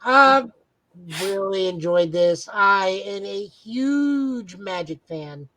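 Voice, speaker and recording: This podcast co-host, a man, speaks slowly in a high, bright, forceful voice that stays animated. He rambles enthusiastically at length like an eager fan on a casual show, captured in a low-quality recording.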